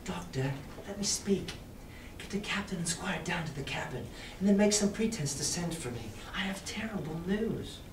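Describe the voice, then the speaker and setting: A man reading aloud voices a young cabin boy pleading in a hushed, urgent way. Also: high-pitched, animated, normal speed, distant mic, noisy background. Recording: roomy classroom echo from afar.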